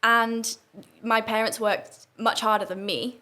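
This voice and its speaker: Fast-talking young northern English woman. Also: a little high, fairly even intonation, pushed and bright. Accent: northern English, softened toward southern English. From northern England. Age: young adult. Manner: fast, with many fillers and restarts. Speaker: guest. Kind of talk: casual interview talk.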